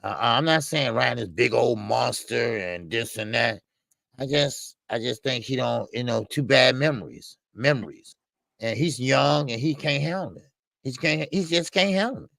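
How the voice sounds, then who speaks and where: A man's voice: medium pitch, normal speed, creaky, a bit bright, no room sound. A man co-hosting a boxing talk show, rambling with many hesitations. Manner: rambling, hesitant, many uhs and you-knows. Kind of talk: casual boxing chat.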